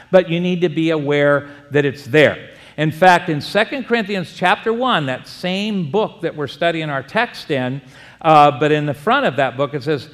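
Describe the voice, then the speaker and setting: A man preaching a sermon as pastor, lively and joking, acting out short exchanges with his congregation. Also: on the high side. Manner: animated preaching, acts out little dialogues and jokes. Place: church sanctuary. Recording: long hall reverb.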